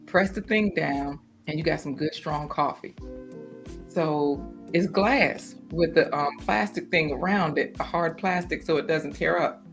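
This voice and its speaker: A chatty woman hosts a casual livestream with a slightly low voice. She talks in an animated way and laughs often, with faint music playing underneath. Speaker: host of a garden livestream.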